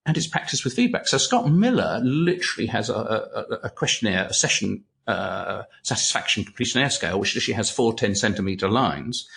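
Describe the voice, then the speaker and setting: Low-voiced older man telling anecdotes. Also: brisk, gravelly, hardly any pauses. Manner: animated anecdote-telling, repeats words, swears, laughs. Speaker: guest, retired clinical psychologist. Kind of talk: casual interview storytelling.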